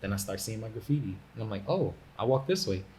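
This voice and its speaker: A man in a casual podcast chat, telling animated stories full of slang and acted-out quotes. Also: on the low side, quick pace. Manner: animated storyteller, acts out quotes with laughter and slang. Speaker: podcast guest.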